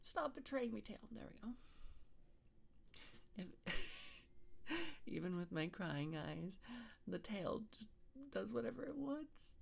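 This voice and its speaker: A woman streamer chatting softly in an ASMR stream, hesitant and rambling, often slipping into a whisper, into a binaural microphone. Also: medium pitch, sing-song, slow pace, vocal fry, pauses often, slightly rough. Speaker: VTuber streamer. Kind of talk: soft-spoken ASMR stream chat.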